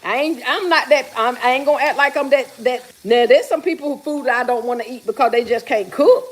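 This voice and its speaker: A woman's voice: sits high, brisk. Chatty woman host reading viewer comments. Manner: chatty, teasing, reads viewer comments aloud. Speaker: livestream host. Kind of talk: casual chat with live viewers. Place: home kitchen while cooking.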